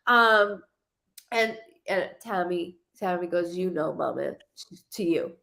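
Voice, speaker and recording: A woman's voice: on the low side, takes it slowly, creaky, bright, forceful tone, a little hiss or hum. A woman psychic medium giving a live reading, talking in a rambling, emotional way and cursing freely.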